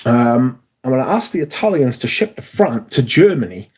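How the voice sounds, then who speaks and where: A man's voice: medium pitch, very animated, normal speed, darkish tone, slightly rough. A man chatting casually on a livestream, rambling through stories and reading out viewers' comments. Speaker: livestream host.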